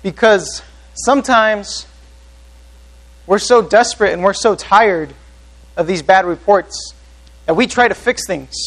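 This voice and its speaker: Pastor, male, high voice, earnest sermon delivery with questions to the room. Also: a little slow, long pauses, a bit bright, poor audio. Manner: earnest preaching, asks the congregation questions.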